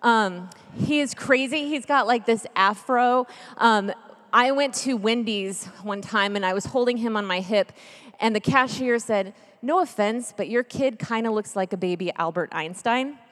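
Speaking at a church gathering, a woman in her thirties with a slightly high voice delivers a storytelling sermon a little slowly, the long reverb of a large hall around her. She starts lively, chatty, and jokey, then turns earnest and hushed.

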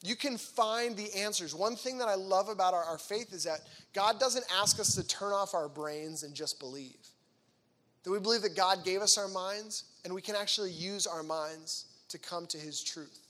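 A man in his thirties giving an energetic, chatty faith talk to teenagers, acting out the voices in the dialogue he quotes. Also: high-pitched, moderate pace. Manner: chatty and conversational, with frequent fillers. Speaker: youth speaker.

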